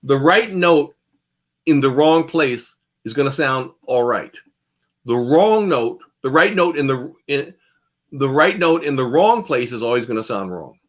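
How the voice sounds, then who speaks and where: A man's medium-pitched voice moves a little slowly as he teaches guitar in a casual master class. He leans on repetition for emphasis, and his volume swings between loud and soft.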